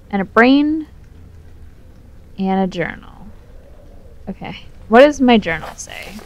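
A tipsy young woman with a medium-pitched, gravelly voice chats and swears through a casual, drunken let's play. As a gamer, she talks back to the game's character as she goes.

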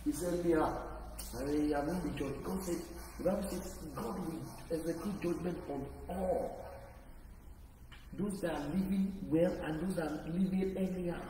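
A man preaching a sermon, emphatic and rising to loud exhortation. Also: fairly high pitch, slight background noise. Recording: echoey hall, voice from far off.

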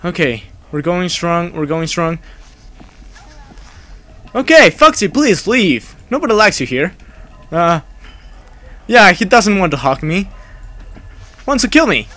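A non-native English-speaking game streamer nervously narrates his live play, pleading, repeating himself, and swearing when startled. His voice is high, very animated, and fairly bright, yet unhurried, with many pauses.

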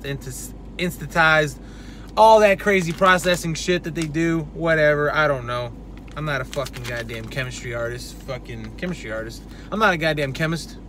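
A man's voice: fairly high pitch, a bit bright, slight background noise. A man giving a casual, profane product review in a brash, loose way. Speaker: supplement reviewer.

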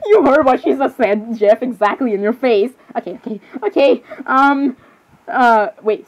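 A young woman chatting casually, rambling and apologizing as she reads out lists and reacts. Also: on the high side. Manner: rambling, giggly, self-interrupting with frequent apologies. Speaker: fan reading creepypasta zodiac lists. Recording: slightly muffled, faint background hiss.

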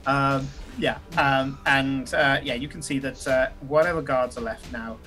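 A man's voice: medium pitch, steady tone, measured pace, sharp tone, soft background music. A man as game master, narrating a tabletop game in a rambling way full of ums and uhs, swearing casually.

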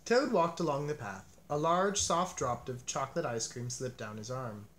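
Man narrating a children's storybook, gentle, expressive, lively varied pitch. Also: normal speed, slight background noise. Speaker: storybook reader. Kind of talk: children's story read-aloud.

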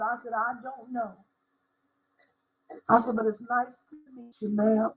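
A middle-aged woman, a former schoolteacher, telling a personal faith story with deep feeling and spelling out words for emphasis. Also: little pitch movement, unhurried, darkish tone, husky, low-quality recording. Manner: emotional, spells out words, sings briefly. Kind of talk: personal testimony.

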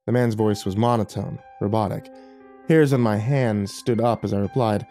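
A man narrating a first-person horror story, tense and hushed, rising with the scary parts. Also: lowish voice, steady tone, moderate pace, soft background music.

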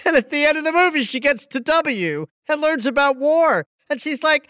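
Lively, animated male astrologer. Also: extremely high pitch, normal speed, few pauses, no echo, studio quality. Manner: animated and emotional, with frequent restarts. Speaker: astrologer host. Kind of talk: casual spiritual chat.

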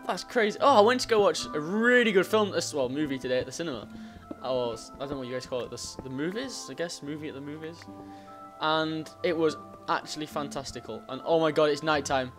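A man hosting a gaming channel, giving rambling, excitable let's play commentary and exclaiming at the game. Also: a little high, a little fast, soft background music.

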